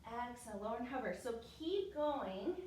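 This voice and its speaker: A woman's voice: a little high, moderate pace, slight background noise. Yoga teacher woman in an echoey room. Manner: calm step-by-step cueing, breath counts. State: a little out of breath. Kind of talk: guided yoga class cues. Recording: echoey room, mic far off.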